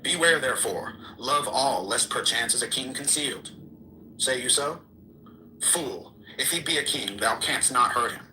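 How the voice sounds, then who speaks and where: Bright-voiced man reading scripture solemnly. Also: medium pitch, animated, moderate pace, a little hiss or hum, rough recording. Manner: declamatory, archaic cadence. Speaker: reader.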